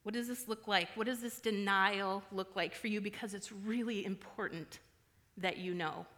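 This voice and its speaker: A woman's voice: mid-range voice, steady tone, normal speed, a bit bright, long reverb tail. A woman giving a candid personal sermon in a frank, conversational, self-deprecating way. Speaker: church speaker.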